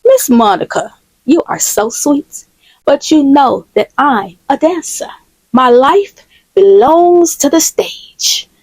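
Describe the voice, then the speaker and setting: A woman's voice: high voice, animated, slow, darkish tone, voice pushed up, full character voice, rough recording. A woman voicing a flamboyant male clothing receptionist who is a poetic dancer, talking in a sing-song, theatrical way.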